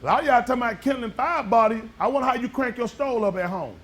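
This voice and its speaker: A man with a notably high voice preaches in a loose, folksy way, cracking jokes as he goes. He quizzes the congregation and leaves gaps for them to call out the answers. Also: animated, quick pace, fairly bright tone, a little hiss or hum. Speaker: pastor. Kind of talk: sermon with call and response.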